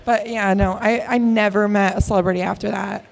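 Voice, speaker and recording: A woman's voice: medium pitch, fairly even intonation, fairly quick, vocal fry. A young woman answering fan questions at a convention panel, gushing and laughing often. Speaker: cosplay guest at a convention panel. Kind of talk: excited casual Q&A.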